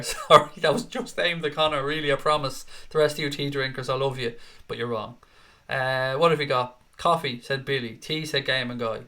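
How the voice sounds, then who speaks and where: His medium-pitched voice sounds pushed and bright as the middle-aged host works through viewer comments on a laid-back live stream. He curses plenty and flares up readily into mock-outraged rants.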